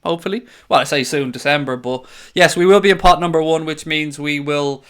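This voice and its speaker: A man's voice: a little high, a little fast, fairly bright tone, clean tone. Blunt sweary Irish man on a live stream. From Ireland. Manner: blunt and sweary, chatty asides to viewers. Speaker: fan channel host reading live chat. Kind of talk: casual live-stream chat.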